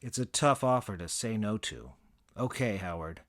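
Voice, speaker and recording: A man narrating a comic first-person story in a dry, deadpan, boastful manner. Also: fairly low pitch, normal speed.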